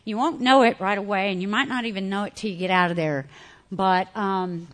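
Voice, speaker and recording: A woman giving a candid, animated personal testimony to an audience, laughing often as she talks. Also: mid-range voice, a little fast. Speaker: speaker sharing recovery story.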